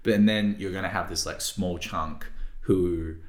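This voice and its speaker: A man with a very deep voice talks through his views on a podcast, stopping and restarting as he thinks aloud. The room around him adds a noticeable echo. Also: fairly even intonation, measured pace. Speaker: podcast co-host. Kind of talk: casual discussion.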